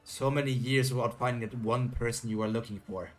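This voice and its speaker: A man reading aloud as an ancient, lonely male magician, speaking gently and reflectively. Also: mid-range voice, fairly even intonation, brisk, soft background music, voice pushed down, lightly acted. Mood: gentle. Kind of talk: reading comic dialogue aloud.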